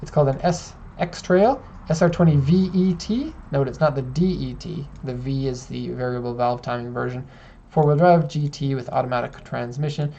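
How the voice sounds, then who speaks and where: A man's voice: medium pitch, moderate pace, gravelly, dark tone, highs cut off, a little hiss or hum. A man hosting a casual live-stream chat, explaining car details step by step. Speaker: host.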